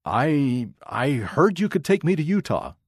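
A man's voice: mid-range voice, sing-song, moderate pace, a little mellow, dry recording, studio quality, voice pushed up. A man voicing a nervous young boy traveling alone, speaking timidly and stammering.

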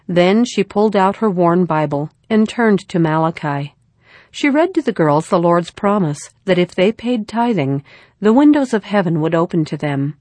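A woman narrating a storybook in a calm, measured way. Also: lowish voice, no echo. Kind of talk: storybook reading.

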